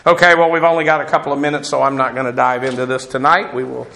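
In a Greek word-study lecture, a man teaches a Bible lesson, walking through Greek words and spelling them letter by letter with frequent filler sounds. His voice is medium-pitched, creaky, and flat, delivered at a quick pace in an echoey room with faint noise.

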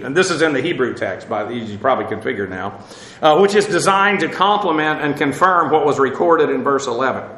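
A man teaching a verse-by-verse Bible lesson, talking off the cuff with many fillers and restarts, slowing down to explain Hebrew and Greek words. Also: on the high side, bright, forceful tone, echoey room, poor audio. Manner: explanatory, slows to spell out Hebrew and Greek terms.

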